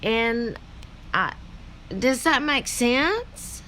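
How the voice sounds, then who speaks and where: A woman rambles slowly through casual reaction commentary, stopping often for fillers. Her bright voice swings widely in pitch. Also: lively intonation, a little hiss or hum. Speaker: reaction video host.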